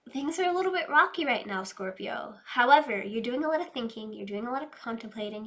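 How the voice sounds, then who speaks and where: A woman doing a casual, chatty tarot reading, fast-talking and loose, addressing her viewers directly. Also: on the high side, pushed and bright. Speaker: tarot reader.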